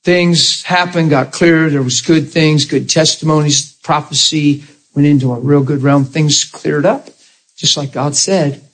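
A husky-voiced man preaches to a congregation, his voice sitting a little high. He tells his story with animated energy and breaks into loud laughing outbursts. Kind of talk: sermon with storytelling.

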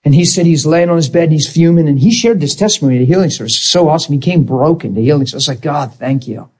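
A man teaching a church healing class in a casual, animated way, acting out prayers and quotes as he tells stories. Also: on the high side, rapid-fire, husky. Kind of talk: informal teaching talk.

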